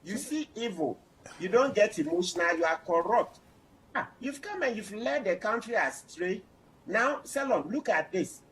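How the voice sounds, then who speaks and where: A man's voice: high voice, animated, moderate pace, fairly bright tone, slight background noise, poor audio. A man, a panel guest who lectures insistently and talks over others in a heated debate.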